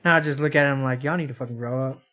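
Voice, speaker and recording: A man's voice: medium pitch, steady tone, racing, fairly bright tone. A man co-hosting a podcast in casual chat, blunt and laid-back, with some swearing. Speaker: podcast co-host.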